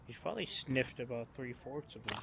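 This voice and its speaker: A man's voice: mid-range voice, lively intonation, brisk, gravelly, heavy background noise. A man, another poker player, chatting casually in a dry, sarcastic way. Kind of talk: casual gaming chat.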